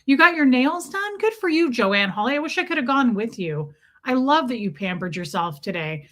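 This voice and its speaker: A woman's voice: high voice, very animated, moderate pace, fairly bright tone. A woman hosting a casual livestream, chatting and greeting viewers by name in an affectionate way. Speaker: livestream host.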